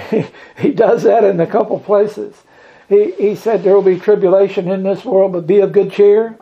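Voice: medium pitch, highs cut off. A Bible study leader teaching in a loose, folksy way, chuckling often and acting out scripture lines in bigger voices.

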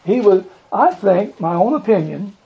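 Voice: mid-range voice, very animated, moderate pace, dull audio. A Bible study leader teaching in a loose, folksy way, chuckling often and acting out scripture lines in bigger voices.

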